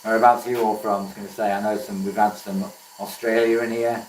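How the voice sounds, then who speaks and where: Casual livestream host: man with a lowish voice, laid-back and chatty, heard a bit off-mic in a roomy space. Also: little pitch movement, quick pace, a little mellow, slight background noise. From Wales. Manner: easygoing, chatty, keeps calling viewers mate. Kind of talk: casual live-stream chat with viewers. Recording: roomy echo, voice from a distance.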